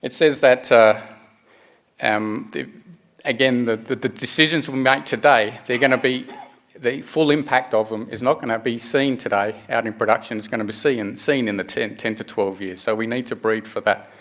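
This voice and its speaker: A middle-aged man presents at a conference in a mid-pitched voice. He explains step by step and often stops to restart a phrase or fill a gap with "uh" and "um". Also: fairly even intonation, a bit bright. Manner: halting, many restarts and fillers. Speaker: conference speaker. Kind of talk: technical presentation.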